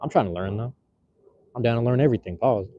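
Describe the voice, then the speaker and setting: Holding his phone outdoors on the street, a man runs a casual live-stream chat, talking loosely in slang and rambling with frequent fillers and restarts. His mid-range voice moves at a quick pace, and the sound is lo-fi.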